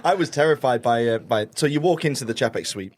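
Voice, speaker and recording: A man's voice: mid-range voice, expressive, fast talker. A man hosting an interview in a studio, playful and self-mocking, laughing often as he talks. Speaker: host. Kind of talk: casual interview. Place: recording studio.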